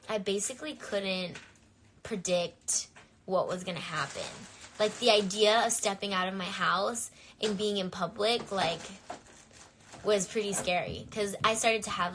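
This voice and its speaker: A woman's voice: mid-range voice, sharp tone, slight background noise. A young woman talking candidly to viewers on a phone livestream, chatty and full of fillers. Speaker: singer on a livestream. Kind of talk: casual livestream chat.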